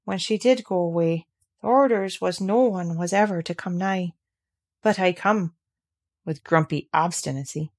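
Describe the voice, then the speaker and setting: A woman's voice: on the low side, moderate pace, a little mellow. A woman doing a grumpy old Yorkshire gardener. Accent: Yorkshire dialect. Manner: gruff, stubborn, dialect-heavy.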